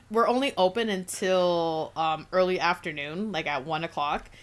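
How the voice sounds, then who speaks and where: A woman's voice: lowish voice, unhurried, slight background noise. A young woman telling a work story in casual podcast chat, swearing often and laughing as she goes. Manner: profane, laughing, animated retelling. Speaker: podcast co-host.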